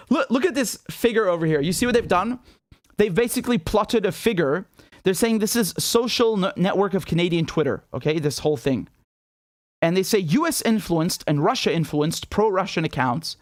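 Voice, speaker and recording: A man's voice: high voice, dry recording, studio quality. A man from Britain delivering indignant solo political commentary, incredulous and repeating himself, often restarting sentences.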